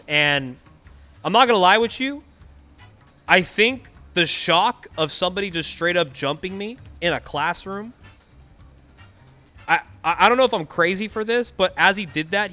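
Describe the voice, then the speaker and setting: A young man from the Bay Area, commentating a gaming tournament and telling a story in a casual, slangy, animated way. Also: on the high side. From California Bay Area. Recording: faint music behind.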